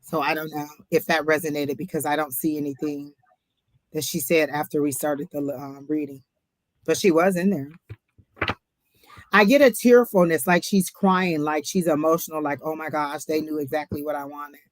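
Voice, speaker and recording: A woman's voice: low-pitched, moderate pace, no echo. A woman hosting a casual live-stream tarot reading, talking in a chatty, emphatic way and often repeating herself. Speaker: tarot reader host.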